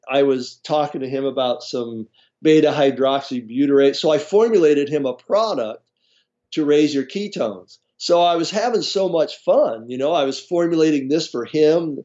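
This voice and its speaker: A man's voice: fairly high pitch, normal speed, muffled recording. A man telling a personal story as an interview guest, laughing often and acting out what others said. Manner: animated storyteller, laughs often, acts out quoted voices. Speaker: guest herbalist.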